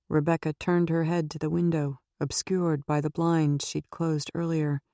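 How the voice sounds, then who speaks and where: Lady reading a suspense audiobook, low mellow voice, steady pace, dry close mic. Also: measured pace, hardly any pauses, dry recording. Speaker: audiobook narrator. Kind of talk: scripted audiobook narration.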